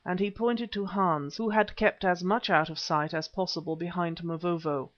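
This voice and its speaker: Man, audiobook narrator, measured first-person storytelling, high voice, dull lo-fi recording. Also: fairly even intonation. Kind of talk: scripted narration.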